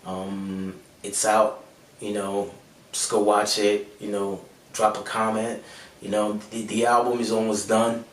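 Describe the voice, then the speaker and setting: A man's voice: fairly low pitch, flat delivery, a little slow. Laid-back man with an American twang. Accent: American-sounding English. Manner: laid-back, many fillers and restarts. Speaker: rapper and producer. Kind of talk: casual interview answers. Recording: roomy echo, mic at a distance, faint background hum.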